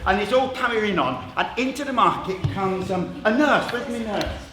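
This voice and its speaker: A man's voice: high-pitched, normal speed, background noise. Upbeat man leading a drama workshop. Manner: lively, coaxing, storytelling with asides to the group. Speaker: workshop leader. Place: theatre stage with a group. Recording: echoey theatre with audience.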